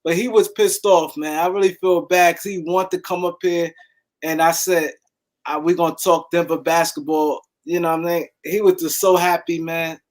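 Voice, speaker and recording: A man's voice: a little high, moderate pace. A man hosting a live sports talk stream, talking casually and animatedly, often repeating words as he goes. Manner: animated, repeats words, shouts out viewers by name. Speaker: show host.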